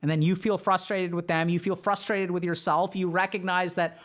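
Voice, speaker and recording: A man's voice: high voice, steady tone, a little fast, few pauses, a bit bright. A man talking casually to a live chat, giving emphatic advice with lots of filler words and short acted-out quotes. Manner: emphatic, many "like" fillers, acts out quoted people.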